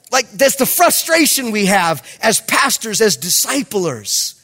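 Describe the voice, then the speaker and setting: A middle-aged man, a pastor, preaching a sermon with animated storytelling and emphatic points. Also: high-pitched, a little slow, hardly any pauses.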